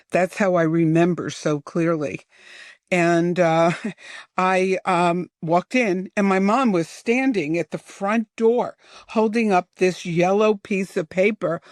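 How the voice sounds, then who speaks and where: A man in his seventies from the New York area, reminiscing in unhurried, detailed storytelling as a podcast guest. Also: sits high, dry recording, clean studio sound. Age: 70s. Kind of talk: storytelling in an interview.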